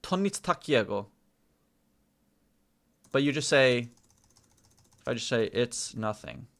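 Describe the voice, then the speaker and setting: Speaking casually to a live stream audience, a Spanish-speaking man slowly repeats phrases in another language to practice. The pitch is medium, the intonation lively, and the tone slightly bright.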